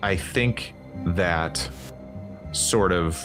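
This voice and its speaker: A man with a fairly low voice acts as game master for a tabletop horror game. He laughs easily and narrates in a halting way, full of fillers. Music plays clearly behind him.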